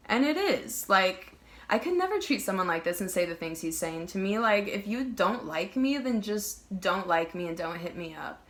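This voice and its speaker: A woman's voice: medium pitch, animated, normal speed, a bit bright. A young woman vlogger telling a casual storytime, emphatic and heated, swearing and filling her talk with "like".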